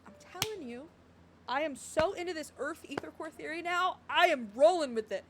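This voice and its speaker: Giggly, lively-voiced woman streamer. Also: high voice, normal speed, slight background noise. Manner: giggly, bursts into laughter and snorts. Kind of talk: live game reaction and reading aloud.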